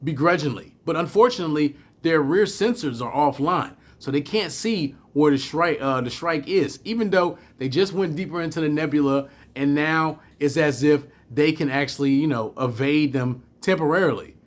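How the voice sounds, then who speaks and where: Animated man recapping a TV episode. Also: fairly high pitch, moderate pace, hardly any pauses. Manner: animated retelling with many fillers and restarts. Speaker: TV episode reviewer.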